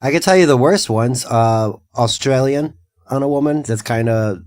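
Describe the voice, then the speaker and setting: A man's voice: mid-range voice, normal speed, darkish tone. A man on a podcast giving blunt crude opinions in casual banter, laughing often. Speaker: podcast co-host.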